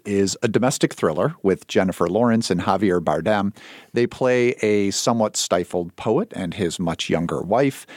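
A man's voice: fairly low pitch, dry recording, studio quality. A man co-hosting a film podcast, chatting casually and teasing his co-host a little. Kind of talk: casual film review chat.

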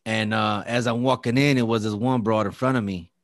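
A man's voice: fairly low pitch, fairly quick, dry recording, clean studio sound. Fired-up man telling a story, swearing. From Latin American heritage. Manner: animated, profane storytelling with many repeated words. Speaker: storyteller in a casual chat. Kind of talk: casual chat.

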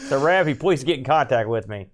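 A man's voice: mid-range voice, expressive, a little fast. A man co-hosting a podcast in casual chat, rambling with dry, self-mocking sarcasm. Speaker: podcast co-host.

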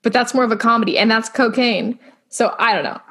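Chatting about a TV episode on the podcast she co-hosts, this woman is self-deprecating, casual, and full of questions. Her voice runs on the high side, brisk and a bit bright.

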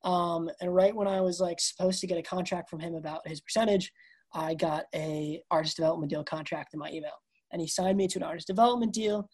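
On a video call, a guest musician in her twenties tells a story animatedly, her voice on the low side, fast and with a breathy edge. In this casual storytelling interview she acts out the quoted dialogue and says "dude" and "bro."

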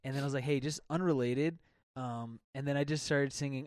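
Laughing, animated young man on a podcast. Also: mid-range voice, fast, no room sound, studio quality. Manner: animated storyteller, laughs often, acts out quotes. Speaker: podcast co-host. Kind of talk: casual chat. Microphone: close podcast mic with windscreen.

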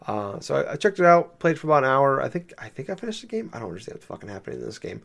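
A man's voice: medium pitch, very animated, fast, creaky. A man in casual chat, rambling with many fillers, swearing and laughing as he recounts playing a game.

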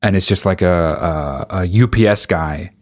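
A man's voice: sits low, unhurried, no echo. A man delivering an exasperated, profane comedic rant, swearing constantly and speeding up as he gets angrier.

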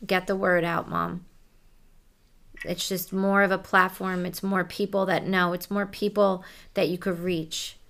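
A woman working as a psychic medium, softly relaying messages during a reading in a casual, conversational way. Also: on the low side, level tone, measured pace.

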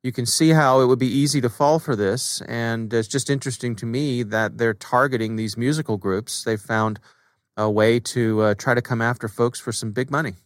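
A man co-hosting a podcast, talking in a relaxed, conversational way with filler words. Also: medium pitch, moderate pace, no room sound, clean studio sound. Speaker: podcast co-host. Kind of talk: casual chat.

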